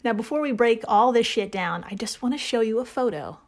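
A woman's voice: a little high, lively intonation, fairly quick. A woman co-hosting a podcast, telling a story in casual chat, laughing often and swearing freely. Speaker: podcast co-host.

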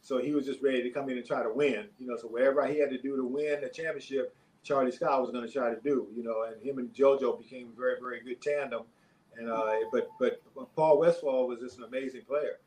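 An older man, a former pro basketball player, telling stories in a relaxed interview, rambling with many fillers and chuckles. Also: mid-range voice, fast talker, a little hiss or hum, rough recording. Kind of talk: casual interview storytelling.

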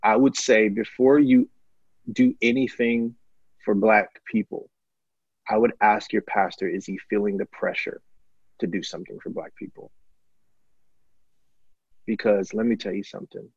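Husky, impassioned Black pastor. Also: male voice, fairly even intonation, unhurried, pauses often, no room sound, muffled recording. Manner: impassioned, rising loud and high when stirred. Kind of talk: candid conversation.

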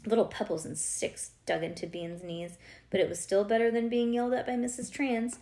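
A woman reads a children's storybook aloud at home, pausing for casual chatty asides to her listener. Her voice is mellow and soft, pitched at an ordinary middle level. The delivery is relaxed and unpolished. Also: echoey room. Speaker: reader to a child. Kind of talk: reading a children's book aloud.

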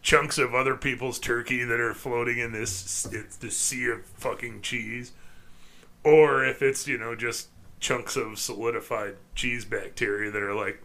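Bright-voiced man, animated and profane. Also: mid-range voice, a little slow. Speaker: podcast co-host. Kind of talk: casual chat.

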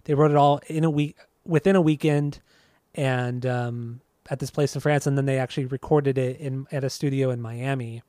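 A man co-hosting a casual podcast chat, relaxed and rambling, often restarting his sentences. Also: mid-range voice, moderate pace, no echo. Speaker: podcast co-host.

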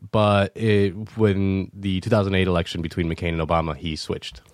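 A man's voice: low-pitched, little pitch movement, normal speed, no room sound, studio quality. A young man in casual conversation, explaining politics earnestly with frequent hesitations and restarts. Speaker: podcast guest.

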